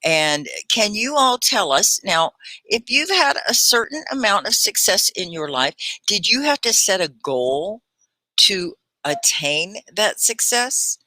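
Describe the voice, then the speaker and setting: Woman, ESL livestream host, patient pronunciation drills, crisp bright tone, dry. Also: medium pitch, very animated, no room sound. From United States. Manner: slow, clear spelling and pronunciation drills. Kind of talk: casual teaching chat.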